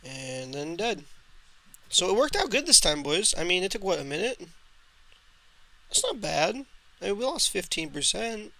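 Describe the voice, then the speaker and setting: A man's voice: sits high, sing-song, normal speed, vocal fry, long pauses, pushed and bright. A young man casually commenting on his own gameplay for a live stream, often frustrated and swearing at the game. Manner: frustrated, swearing, talks to himself and chat.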